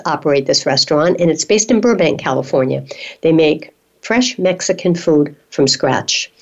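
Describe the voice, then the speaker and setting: A woman hosts a radio interview, introducing her guest and responding with lively interest. Her voice sits lower than most women's. The recording sounds dull and lo-fi. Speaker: radio show host.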